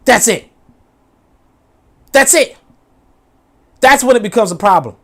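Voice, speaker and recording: A man hosting a casual livestream, reacting to a video and chat with profane, animated talk, laughing asides and lots of fillers. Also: very high-pitched, slow.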